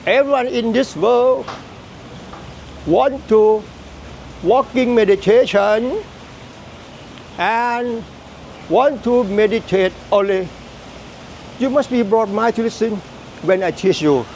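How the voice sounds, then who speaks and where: High, gravelly man. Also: a little mellow, slight background noise, rough recording. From Thailand. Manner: repetitive, halting, emphatic phrasing. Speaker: Buddhist teacher. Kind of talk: dharma teaching.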